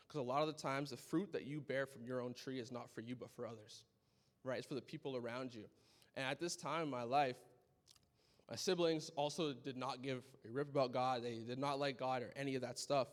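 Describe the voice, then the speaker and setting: A man's voice: mid-range voice, a little fast. Earnest young man in a reverberant hall. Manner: earnest, animated storytelling with repeated "right?". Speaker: conference speaker. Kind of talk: testimony talk.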